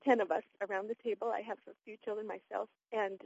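Female caller, husky and higher pitched, tender and laughing, muffled line. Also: fairly even intonation, fast, a little mellow, dry recording. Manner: tender, laughing, a bit choked up. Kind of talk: phone-in storytelling. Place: schoolyard.

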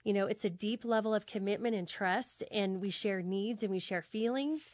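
A woman's voice: medium pitch, normal speed, dry recording. Earnest woman, dull dry audio. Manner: warm, earnest, repeats words while thinking. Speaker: guest speaker on friendship. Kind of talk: casual conversational teaching.

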